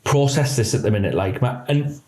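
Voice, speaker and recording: A man's voice: mid-range voice, expressive, fairly quick, warm tone, roomy sound, low-quality recording. A man, a former police officer telling his story in a candid podcast interview and acting out the dialogue.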